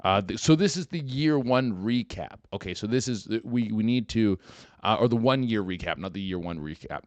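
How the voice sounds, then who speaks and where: A young man rants through a comedic podcast monologue, his fairly low voice swinging widely in pitch as he rambles and swears. The sound is dry and close. He slips now and then into mocking voices. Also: animated, moderate pace, dry recording. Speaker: podcast host.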